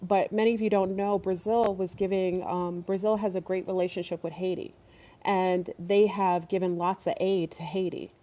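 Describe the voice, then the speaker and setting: Woman host for a casual online talk stream; warm, darker voice, rambling and emphatic. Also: on the low side, flat delivery, normal speed. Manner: rambling, emphatic, many fillers.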